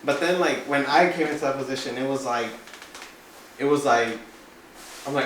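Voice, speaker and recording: A man's voice: medium pitch, fast talker. A man in casual podcast chat, telling stories animatedly and acting out both sides of conversations. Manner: animated storytelling, acts out both sides of exchanges. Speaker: podcast guest. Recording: echoey room, far from mic, faint noise.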